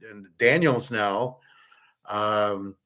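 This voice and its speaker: A man's voice: fairly low pitch, very slow, bright, forceful tone. A middle-aged man hosting a casual talk, rambling and blunt, repeating himself, stumbling on words and swearing now and then. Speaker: host. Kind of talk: casual chat to viewers.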